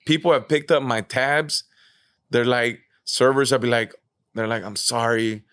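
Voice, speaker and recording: A man as a podcast guest, telling stories in a casual, animated way, peppered with "man" and "bro". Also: mid-range voice, a little slow, clear, resonant tone, dry recording, clean studio sound. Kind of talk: casual storytelling chat.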